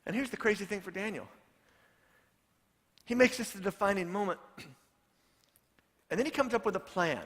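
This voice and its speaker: A man's voice: high-pitched, moderate pace, pauses often, a bit bright, in a large hall. A man, a pastor, preaching a sermon in a storytelling way and repeating his points for emphasis.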